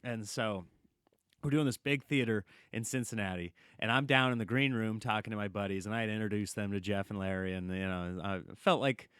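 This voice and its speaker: Animated man telling a comedy story. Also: fairly low pitch, a little fast, clean tone, dry recording, studio quality. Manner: animated storyteller, acts out quotes, laughs often. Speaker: comedian guest. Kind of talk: casual podcast storytelling.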